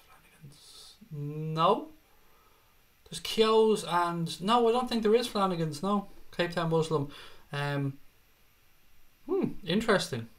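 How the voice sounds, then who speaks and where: Reading viewer comments from his live chat, a man from Ireland hosts a casual stream in a fairly high, fairly bright voice. His Irish accent comes through as he jokes and swears while responding.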